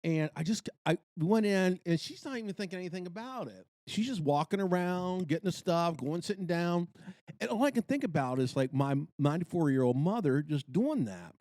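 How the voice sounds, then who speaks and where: A middle-aged man telling a story in casual podcast chat, animated and exclaiming. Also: high voice, fairly quick, no echo, studio quality. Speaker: podcast co-host.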